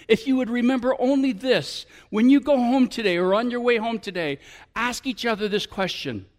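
A male pastor preaching a sermon to his church, often building up to animated, emphatic appeals. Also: extremely high pitch.

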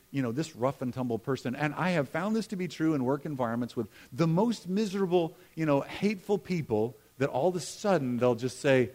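A middle-aged man preaching a sermon in a conversational way, with humorous asides, moving between emphatic lines and hushed ones. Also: on the high side, lively intonation, fairly quick, few pauses. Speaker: pastor.

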